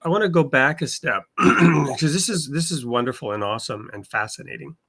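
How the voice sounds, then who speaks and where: A man's voice: mid-range voice, fairly quick, sharp tone, slightly rough. A man hosting an interview, musing aloud with enthusiasm. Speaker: host. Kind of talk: interview host.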